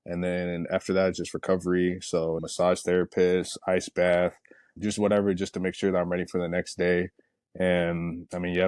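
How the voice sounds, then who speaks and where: A man, a pro sprinter, chatting in an interview, telling stories in a relaxed, rambling way with lots of fillers. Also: low voice, no room sound, clean studio sound. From United States. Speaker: Olympic sprinter guest. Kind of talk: casual interview talk.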